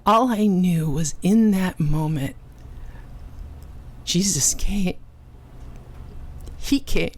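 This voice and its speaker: A woman and ministry cofounder giving an earnest, emotional personal testimony, with dramatic pauses. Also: on the low side, slight background noise. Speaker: ministry cofounder and conference speaker.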